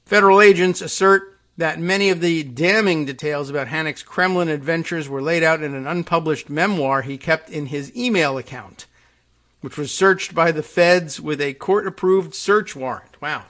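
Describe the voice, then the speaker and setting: A man's voice: on the high side, normal speed, fairly bright tone. A man hosting a podcast, reading news items aloud and breaking in with dry, sarcastic asides. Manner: dry, sarcastic asides between read passages. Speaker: podcast host.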